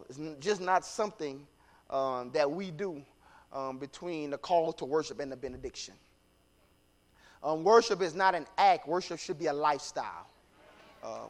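A man preaching a sermon, starting soft and halting, then building to loud, emphatic preaching. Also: fairly high pitch.

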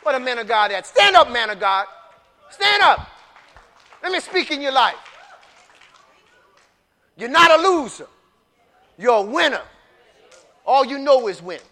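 A man preaches a sermon in loose, casual street talk, repeating phrases over and over. His voice sits very high and bright. A congregation can be heard faintly in the room. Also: sing-song, measured pace, pauses often, some chatter behind. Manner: builds from quiet storytelling to shouted call-and-response preaching.

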